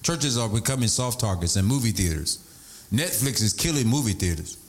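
Animated preacher with lively sing-song shouting. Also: male voice, medium pitch, a little fast. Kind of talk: sermon.

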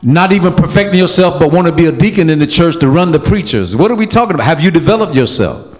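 A man preaching a sermon as pastor, emphatic and animated, calling out to the congregation. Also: on the high side, fast, long reverb tail.

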